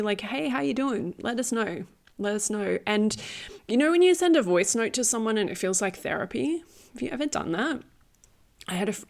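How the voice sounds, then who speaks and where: A woman with a medium-pitched voice gives a casual spiritual tarot reading. Chatty and quick to laugh, she leans on fillers and repeats phrases for emphasis.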